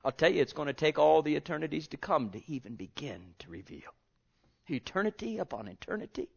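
A man preaching a sermon, reading scripture and swinging from booming to hushed, drawing out his words. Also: animated, quick pace, creaky, husky. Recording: dull lo-fi sermon recording.

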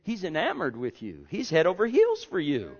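Impassioned preacher, hushed to booming, lo-fi. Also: male voice, wildly swooping pitch, moderate pace, breathy edge. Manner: swings from hushed murmurs to loud exhortations. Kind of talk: sermon.

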